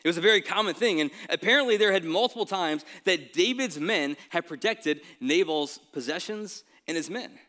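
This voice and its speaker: A male pastor giving a sermon in a casual, conversational way, often checking in with the congregation with quick asides. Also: sits high, lively intonation, sharp tone. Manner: casual, conversational preaching with frequent "right?" asides.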